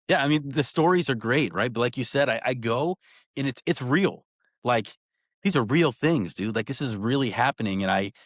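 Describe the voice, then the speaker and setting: A man talking as a podcast guest, telling stories in a casual, animated way full of slang like "bro" and "dude". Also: on the low side, no echo, clean studio sound. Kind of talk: casual storytelling chat.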